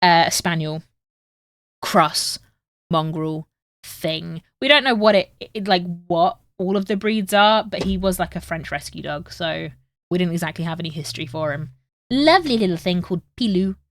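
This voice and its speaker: A woman's voice: lowish voice, expressive, moderate pace, no echo. A young woman from England with a northern English accent, chatting casually with viewers on a sewing livestream. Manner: chatty, reads chat aloud and talks to viewers while sewing. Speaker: streamer.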